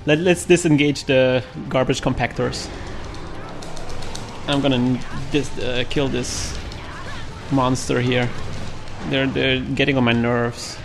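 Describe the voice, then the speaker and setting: A man's voice: mid-range voice, takes it slowly, vocal fry, pauses often, music in the background. A man hosting a co-op game session in casual chat, joking and laughing often. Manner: laughs often, excitable, jokey. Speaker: gamer hosting a co-op stream.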